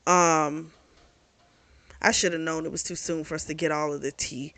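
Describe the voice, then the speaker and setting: A woman's voice: deep voice, little pitch movement, moderate pace, a bit bright. A woman casually recapping and reviewing a romance novel, chatty and frank, swearing freely. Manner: chatty and frank, swears freely, laughs at her own asides. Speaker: book reviewer. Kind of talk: casual book review chat.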